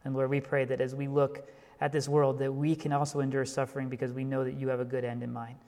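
A man's voice: medium pitch, completely flat delivery, fast, a little mellow. Man preaching a sermon in a reverberant hall. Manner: storytelling, building to impassioned emphasis. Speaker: pastor.

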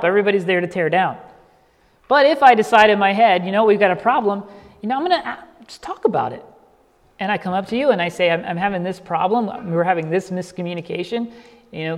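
High-voiced pastor preaching in a reverberant hall. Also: male voice. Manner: conversational preaching with frequent "you know" and "okay". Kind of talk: sermon.

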